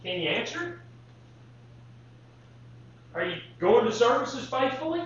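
High-voiced male preacher in an echoey hall. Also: sing-song, measured pace, long pauses, a little hiss or hum. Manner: poses rhetorical questions to the congregation. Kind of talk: sermon. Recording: very echoey hall, distant mic, dull lo-fi sound.

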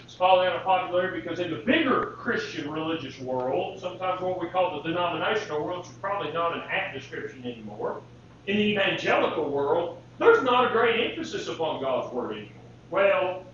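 A man's voice: high voice, lively intonation, fairly quick, fairly bright tone, slight background noise. A male preacher delivering a sermon, reading scripture and putting rhetorical questions to the congregation. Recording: very echoey hall, distant mic, dull lo-fi sound.

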